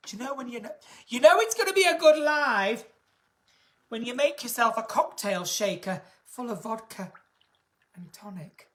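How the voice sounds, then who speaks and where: A woman's voice: high-pitched, animated, moderate pace, fairly bright tone. A woman hosting a casual live stream, chatting in a camp, gossipy and theatrical way. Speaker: singer and live-stream host.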